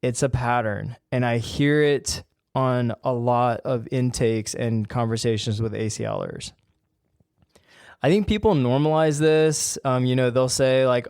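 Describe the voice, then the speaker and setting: A man's voice: mid-range voice, unhurried, a little mellow, clean tone, no echo, clean studio sound. A man hosting a podcast, talking in an emphatic, fired-up, plain-spoken way. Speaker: podcast host and ACL rehab coach. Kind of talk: casual solo podcast talk.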